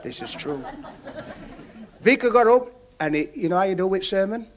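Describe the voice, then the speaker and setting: A man's voice: high voice, expressive, quick pace, some chatter behind. A man telling stand-up jokes on stage, chuckling through his own stories. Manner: chuckling, chatty, dialect-heavy. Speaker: stand-up comedian. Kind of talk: stand-up comedy storytelling. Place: comedy stage.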